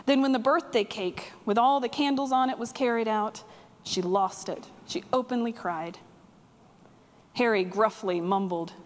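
A woman's voice: fairly high pitch, a little slow. A woman pastor preaching a sermon, telling a story vividly with acted dialogue. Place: church sanctuary. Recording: long-reverb church sanctuary.

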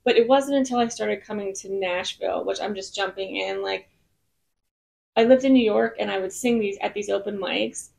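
Her mid-range voice is gravelly and a little mellow, at a normal speed. She's a singer-songwriter chatting as a podcast guest in Nashville, telling stories in a bubbly, rambling fashion.

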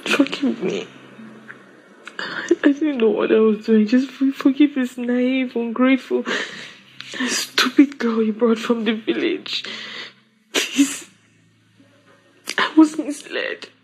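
A remorseful young wife with a Nigerian accent, pleading for forgiveness in a slow, breathy voice. She stammers and repeats herself as she begs, soft and unhurried, in a film drama scene. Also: fairly high pitch, poor audio.

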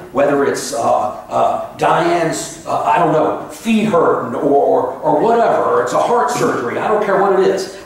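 Male preacher, slightly high voice, casual and sarcastic, slow scripture reading, heavy church echo. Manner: conversational and sarcastic, reads scripture slowly. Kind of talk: sermon. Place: church sanctuary. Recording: echoey church sanctuary, mic at a distance.

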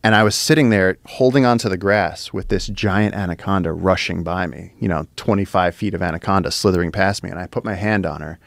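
Deep gravelly man telling a wild story. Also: fairly quick, hardly any pauses, no room sound. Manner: excited, profane, lots of fillers and restarts. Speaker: podcast guest, conservationist. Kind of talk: animated storytelling. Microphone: studio podcast mic.

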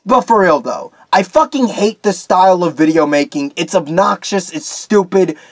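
Young man, heated profane rant, lively swinging pitch, dry close mic. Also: normal speed, no room sound. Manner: profane, heated ranting with restarts. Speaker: commentary YouTuber. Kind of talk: off-the-cuff rant.

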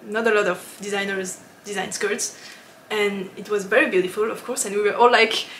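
A woman hosting a knitting podcast in a casual, chatty way, often laughing and pausing with ums. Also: mid-range voice, steady tone, a bit bright, roomy sound, slight background noise. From lives in Switzerland.

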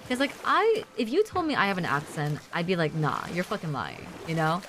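A woman's voice: lowish voice, huge pitch swings, fairly quick, noisy background. Chatty woman streaming a game. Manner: chatty, rambling, many fillers. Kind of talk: casual chat while gaming.

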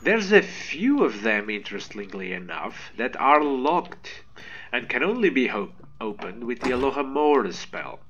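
A man hosting a gaming video, giving excitable, animated let's play commentary to his viewers. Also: mid-range voice, unhurried, dull audio.

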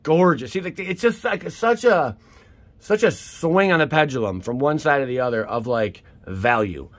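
A man hosting his own channel, giving casual, excitable commentary while opening card packs and exclaiming at each pull. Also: on the high side, normal speed, no echo. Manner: peppers speech with mild swears.

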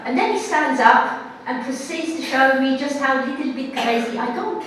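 A woman giving a talk to an audience, telling a personal story in an animated, wry and self-mocking way. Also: high-pitched, normal speed, slight background noise. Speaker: guest speaker. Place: synagogue hall before an audience. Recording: echoey hall from far off.

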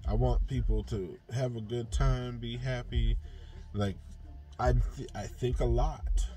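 Young man, earnest and rambling, mellow dark tone, casual talk to camera. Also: mid-range voice, slow, rough recording. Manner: drawls softly when relaxed, livelier when engaged. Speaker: vlogger.

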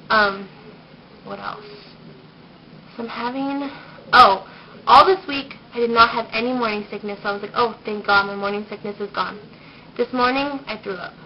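A woman's voice: medium pitch, steady tone, moderate pace. A young woman giving a casual pregnancy update vlog, shy and rambling with lots of ums, getting over a cold. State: recovering from a cold. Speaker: vlogger. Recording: dull lo-fi home video with noise.

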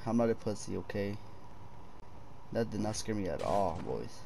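A man's voice: fairly low pitch, expressive, moderate pace, gravelly, dark tone, a little hiss or hum. A young man commenting on a horror game for viewers, swearing a lot, jumpy, and addressing them as boys. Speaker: gaming streamer.

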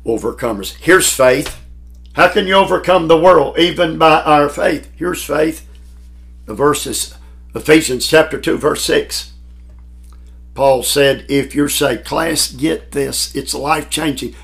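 A man preaching a sermon to a Bible class, emphatic, with dramatic pauses and swells in volume. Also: medium pitch, gravelly, a bit bright. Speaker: pastor teaching a Bible class.

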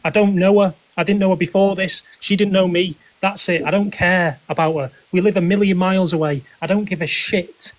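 Combative high-voiced man on a live stream. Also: fairly even intonation, a little fast, hardly any pauses. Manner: defensive, combative, swearing. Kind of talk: heated live stream argument.

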